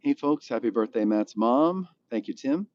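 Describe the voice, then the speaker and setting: A man's voice: mid-range voice, animated, normal speed, lo-fi sound. A man hosting a live stream from a car, with an easygoing, rambling manner, talking straight to viewers and answering their comments in his morning voice. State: still has his morning voice.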